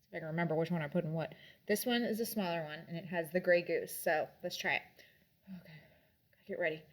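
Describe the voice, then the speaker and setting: A woman's voice: on the low side, quick pace. A young adult woman in casual chat, reviewing drinks and books in a rambling way with lots of fillers.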